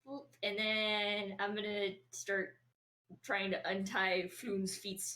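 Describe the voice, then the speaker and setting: Woman tabletop player, slow and drawn-out, faint background noise. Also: mid-range voice, little pitch movement, sharp tone. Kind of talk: casual tabletop play.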